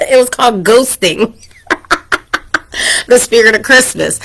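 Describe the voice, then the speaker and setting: A woman's voice: on the high side, expressive, slow, long pauses, fairly bright tone. A woman in her thirties hosting her own podcast, talking casually and earnestly to listeners, getting emotional and teary at times. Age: 30s. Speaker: podcast host. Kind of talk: casual personal talk to listeners.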